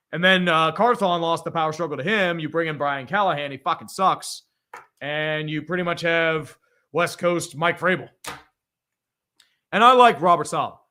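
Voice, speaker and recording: A man hosts a live reaction stream and talks in a blunt, profane, opinionated way. His voice sits a little high for a man and has a bright, forceful edge. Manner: blunt and profane, quick opinions, frequent laughs. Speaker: livestream host reading viewer donations.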